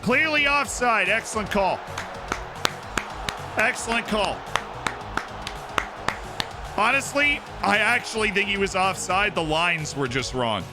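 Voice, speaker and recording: A man's voice: high-pitched, expressive, slow pace, long pauses. Man commentating a game over music. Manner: mimics match commentary, bursting into shouts at goals. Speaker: streamer. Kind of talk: live stream commentary over a football manager game. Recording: game music clearly playing behind.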